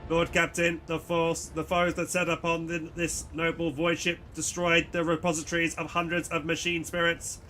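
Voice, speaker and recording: A man voicing a cold, solemn robotic tech priest in a game with a flat mechanical delivery. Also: on the high side, moderate pace, hardly any pauses, a little hiss or hum.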